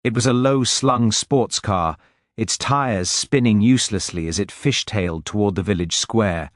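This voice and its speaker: Low-voiced man narrating a story. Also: moderate pace. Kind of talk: scripted audiobook narration.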